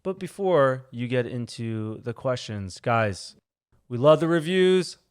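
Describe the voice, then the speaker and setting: A man's voice: mid-range voice, expressive, slow pace, smooth. A young man co-hosting a podcast, chatting casually, playful and stubbornly confident. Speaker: podcast co-host. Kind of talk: casual chat.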